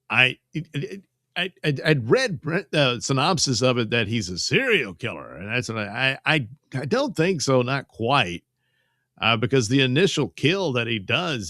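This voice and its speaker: A man chats through a live movie recap in a bright, forward voice, recorded close and dry. He wanders, trips over his words and chuckles often, reading chat comments along the way. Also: mid-range voice, animated, a little slow, no room sound. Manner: rambling, stammering, chuckling often. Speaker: host of a live movie-review stream. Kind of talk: casual live-stream chat.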